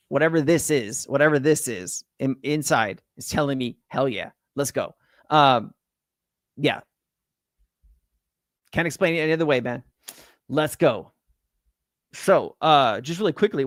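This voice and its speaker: Rambling, slightly high-voiced livestream host. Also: male voice, a bit bright, no room sound, studio quality. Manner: rambling, filler-heavy, profane; reads out and greets chat viewers. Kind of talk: casual livestream chat.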